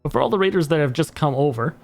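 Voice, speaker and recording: A man's voice: on the high side, racing, vocal fry, a little mellow, soft background music. A young man streaming a game live, chatting casually with viewers and teammates, laughing often. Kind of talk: casual live-stream chat while gaming.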